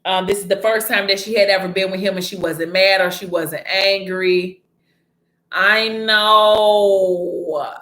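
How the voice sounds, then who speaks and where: A woman's voice: medium pitch, level tone, slow pace, fairly bright tone, roomy sound. A woman casually retelling a story to camera in a chatty manner, breaking off now and then to scold someone nearby.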